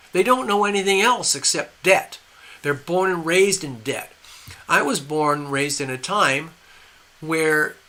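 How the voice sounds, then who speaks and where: A man's voice: on the high side, pushed and bright. An older man hosting a live stream, giving opinionated, rambling commentary with frequent restarts. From USA. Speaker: host.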